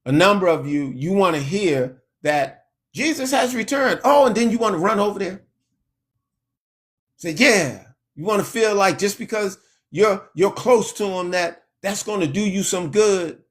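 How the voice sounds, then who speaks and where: A man preaching a sermon in a slow, emphatic way, lifting his voice when he quotes scripture. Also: sits high, animated.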